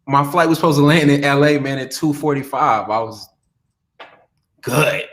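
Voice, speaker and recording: A man's voice: mid-range voice, moderate pace, a bit bright. Young guy cohost, rambling and cussing through a story, chill. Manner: loose, profane storytelling with laughs. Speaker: podcast co-host and rapper. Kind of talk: casual chat.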